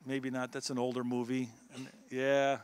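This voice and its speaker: A man's voice: medium pitch, completely flat delivery, moderate pace, smooth, no room sound. A man of sixty giving an earnest, exhorting sermon to a church youth group. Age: 60s. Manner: earnest, exhorting, chuckles between points. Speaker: guest speaker.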